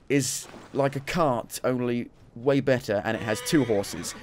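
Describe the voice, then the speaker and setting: Joking guy narrating his own gameplay, mid pitch, chatty, talks to himself. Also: normal speed, few pauses, a little mellow, slight background noise. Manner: chatty, jokey, talks to himself while playing. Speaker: gamer streaming his playthrough. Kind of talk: casual game commentary.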